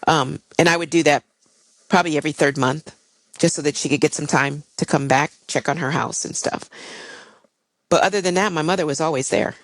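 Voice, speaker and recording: A woman's voice: low-pitched, fairly quick, a bit bright, dry recording, poor audio. An older woman, a guest and airline pilot, tells a personal story in a candid, reflective way with frequent fillers.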